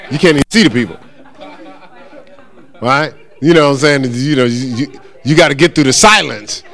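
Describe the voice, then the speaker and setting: A middle-aged man teaching a church congregation in a relaxed, conversational way, acting out the voices of churchgoers and checking in with his listeners. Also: mid-range voice, moderate pace, some chatter behind. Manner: animated, acts out voices of churchgoers and callers; conversational with frequent check-ins. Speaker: pastor teaching. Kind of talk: informal church teaching talk.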